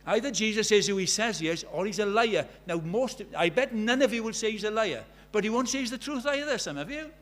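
Preacher, storytelling sermon. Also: male voice, high voice, lively intonation, a little fast, hardly any pauses. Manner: storytelling, building to emphatic appeals.

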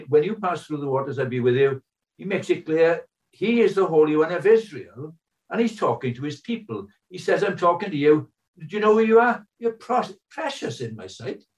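A man's voice: a little high, darkish tone, recorded from a distance, poor audio. An older man preaching a sermon, earnest and full of rhetorical questions.

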